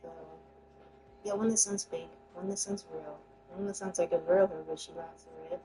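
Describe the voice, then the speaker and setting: A woman's voice: fairly low pitch, steady tone, moderate pace, music in the background. A woman chatting casually in a playful, bossy, teasing way. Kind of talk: casual chat. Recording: noisy room.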